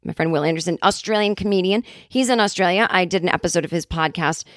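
A woman's voice: lowish voice, quick pace, fairly bright tone, no room sound, clean studio sound. A woman hosting a comedy podcast, rambling and self-interrupting through a sarcastic solo monologue. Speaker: podcast host.

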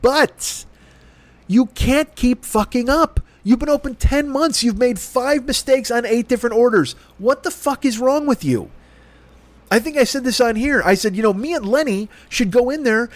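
Guy in his middle years ranting, swears a lot, highish voice, dead dry mic. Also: dry recording. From Chicago. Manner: profane, exasperated, acts out both sides of the argument. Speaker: podcast host. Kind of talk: ranting storytelling.

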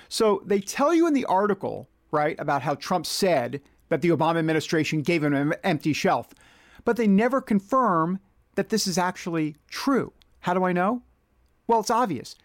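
A man's voice: a little high, no room sound, studio quality. A man hosting a political commentary monologue, reading out quotes in an indignant, rhetorical manner.

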